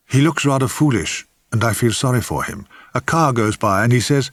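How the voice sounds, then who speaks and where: A man's voice: mid-range voice, brisk, hardly any pauses, no echo. An older man reading his own memoir aloud with a dry, wry, theatrical storytelling manner. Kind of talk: memoir audiobook narration.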